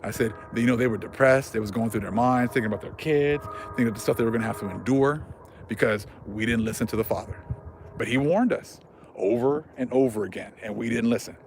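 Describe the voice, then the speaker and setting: Gravelly man preaching fervently. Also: medium pitch, fairly quick, slight background noise. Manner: fervent, repetitive, casual slang. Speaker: vlog host. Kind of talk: religious commentary monologue.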